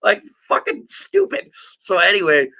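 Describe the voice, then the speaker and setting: A man's voice: high-pitched, wildly swooping pitch, moderate pace, bright, forceful tone. A man hosting a podcast, chatting casually about true crime in a blunt, profane, mocking way, rambling with lots of fillers. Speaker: podcast host.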